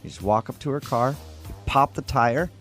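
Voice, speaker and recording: A man co-hosting a radio show, joking in a teasing, deadpan way. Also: mid-range voice, moderate pace, faint music behind. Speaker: radio co-host.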